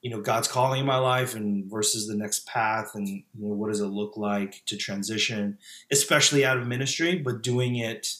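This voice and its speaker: A man's voice: fairly low pitch, moderate pace, hardly any pauses, sharp tone, echoey room. A man in his thirties, a former pastor, speaking as a podcast guest in a reflective, casual way with frequent fillers and restarts. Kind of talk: casual conversational interview.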